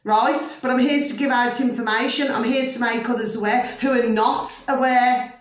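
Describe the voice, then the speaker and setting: A woman's voice: on the high side, steady tone, moderate pace, heavy reverb, distant mic. A woman vlogger in an opinionated monologue, emphatic and ranting, forever asking her viewers if they see what she means. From United Kingdom.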